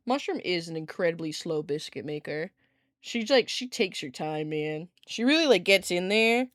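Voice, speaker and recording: Rambling, animated woman streamer. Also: fairly low pitch, moderate pace, no room sound, clean studio sound. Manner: rambling, lots of "like" fillers, laughs often. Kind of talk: casual chat with viewers. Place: home room with her cat.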